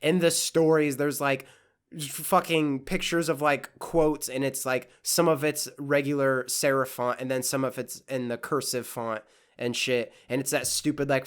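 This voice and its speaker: A podcast host giving sarcastic, profane reaction commentary in deadpan asides. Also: mid-range voice, normal speed.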